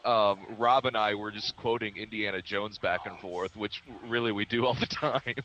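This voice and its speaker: A man's voice: lowish voice, steady tone, moderate pace, sharp tone. A man telling a story casually on a film commentary track, chuckling as he goes. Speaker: cast member. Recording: dull lo-fi audio.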